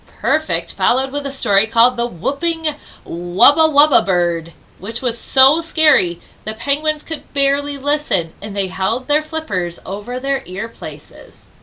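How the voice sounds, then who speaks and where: A woman reading a children's storybook aloud with expressive delivery and dramatic pauses. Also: fairly high pitch, poor audio. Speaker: storybook reader.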